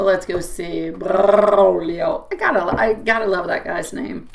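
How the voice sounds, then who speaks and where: A woman's voice: mid-range voice, gravelly. A woman reading tarot on a live stream, chatty and laughing often, calling her viewers sweet pet names. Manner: laughs often between remarks. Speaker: tarot reader.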